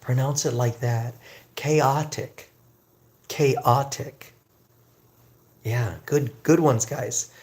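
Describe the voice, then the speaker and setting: A man teaching English on a livestream, chatting with viewers and slowly drilling pronunciation. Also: mid-range voice, steady tone, a little mellow. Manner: slow, drawn-out pronunciation drills.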